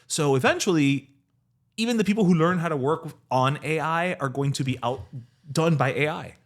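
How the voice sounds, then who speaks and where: A man's voice: fairly high pitch, moderate pace. A man co-hosting a podcast, ranting in casual chat and mocking voices he quotes. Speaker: podcast co-host.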